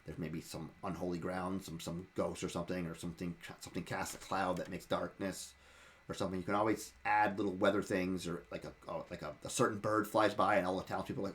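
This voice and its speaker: A man's voice: low-pitched, flat delivery, fast talker, a bit bright. A man in casual talk sharing advice as a dungeon master, rambling and often repeating and restarting his words.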